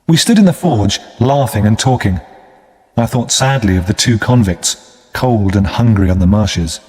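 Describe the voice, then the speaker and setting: A man narrating a storybook for English learners in a clear, measured way. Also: lowish voice, lively intonation, darkish tone. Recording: long hall reverb.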